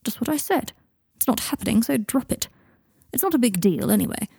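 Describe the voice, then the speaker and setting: A woman's voice: fairly high pitch, animated, fairly quick, vocal fry, warm tone, husky, dry recording, studio quality, pitched above the performer's own voice, heavily acted. A woman reading the part of an aloof, sardonic male wizard in an audiobook, cool and drily polite. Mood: guarded.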